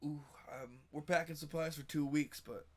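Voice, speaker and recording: A man's voice: fairly high pitch, steady tone, normal speed, a little hiss or hum, lightly acted. A man voicing a plainspoken male ship captain laying out the voyage. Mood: plain.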